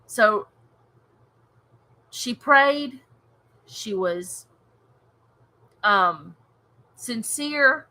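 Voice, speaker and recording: A woman leading a casual home Bible study, reading scripture and reflecting earnestly with soft laughs. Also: a little high, lively intonation, extremely slow, pauses often, poor audio.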